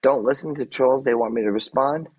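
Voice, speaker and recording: A man's voice: mid-range voice, fairly quick, a little mellow, husky, low-quality recording. An agitated man on a livestream answering his chat, defensive and swearing, repeating himself as he vents. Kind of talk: livestream rant.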